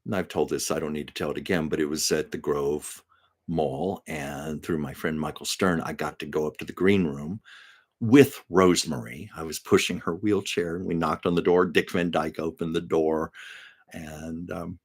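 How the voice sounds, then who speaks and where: Hosting a livestream from home, a man with a very deep voice talks at normal speed with fairly even intonation. He shares show-business anecdotes casually, laughing often and breaking off to read viewer comments aloud.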